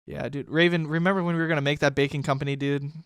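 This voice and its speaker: A man's voice: on the high side, steady tone, very fast, fairly bright tone, smooth, no echo, clean studio sound. A man in his twenties hosting a casual podcast chat, rambling and swearing heavily as he gets worked up. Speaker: podcast host.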